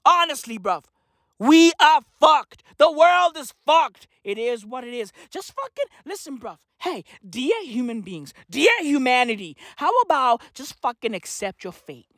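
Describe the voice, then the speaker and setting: A comedian delivering a manic, profane rant that swings between shouting and muttering. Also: high-pitched, big pitch swings, unhurried, dry recording, clean studio sound.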